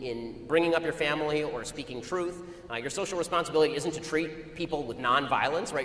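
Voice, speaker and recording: A man talks at a breakneck clip, spinning an argumentative anecdote for an audience. His voice sits a little high and rings through a large, reverberant hall, with faint ambient noise behind. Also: a bit bright. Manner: rapid-fire, argumentative storytelling. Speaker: speaker addressing an audience. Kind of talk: anecdotal public talk.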